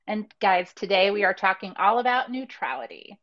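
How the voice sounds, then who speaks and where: A woman's voice: mid-range voice, animated, normal speed. A woman co-hosting a podcast, speaking in an upbeat, enthusiastic way. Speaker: podcast co-host. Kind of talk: casual podcast chat. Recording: slightly dull, muffled audio.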